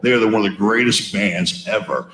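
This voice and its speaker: A man telling stories in a casual chat, swearing freely and talking with loud, boisterous energy. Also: lowish voice, fairly quick, reverberant, a crowd in the background, low-quality recording. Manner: profane, boisterous storyteller. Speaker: musician.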